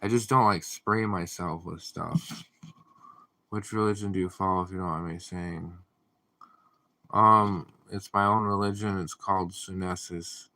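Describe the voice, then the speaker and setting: A man hosting a casual livestream, reading viewer comments aloud and answering them in a deadpan, drowsy way. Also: deep voice, measured pace. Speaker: livestream host.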